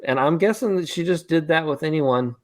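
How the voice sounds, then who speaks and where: A man's voice: a little high, expressive, fairly quick. Man chiming in on casual podcast chat. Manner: chimes in with short agreements and jokes. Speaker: podcast co-host.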